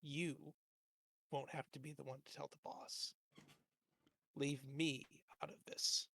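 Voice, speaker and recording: A man voicing a surly male thug who snaps back with flat, cutting retorts. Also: fairly high pitch, unhurried, gravelly, husky, full character voice. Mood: scornful.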